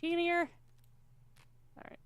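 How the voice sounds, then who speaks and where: A woman playing a tabletop game, mulling over her choices and joking with the group. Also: slow pace. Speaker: player. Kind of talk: casual tabletop play.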